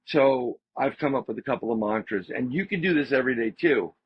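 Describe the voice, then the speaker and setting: A man, a podcast guest, telling a story in a casual, animated way and repeating phrases for emphasis. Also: medium pitch, a little fast, a little hiss or hum. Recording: slightly dull lo-fi audio.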